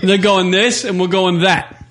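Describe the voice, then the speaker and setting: A man co-hosting an internet radio show, ranting in loud, profane, crude banter. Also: sits high, level tone, measured pace. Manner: loud, profane, riffing rants.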